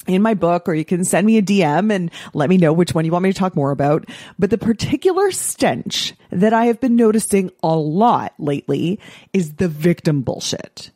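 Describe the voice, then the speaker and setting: A woman's voice: medium pitch, dark tone, dry recording, clean studio sound. A middle-aged woman hosting a casual solo podcast as a coach, blunt and swearing freely, acting out quoted excuses in mocking voices.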